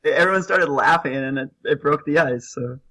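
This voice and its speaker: A man's voice: a little high, moderate pace, crowd noise, poor audio. A man co-hosting a casual podcast chat, laughing a lot and reacting with shocked exclamations. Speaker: podcast co-host.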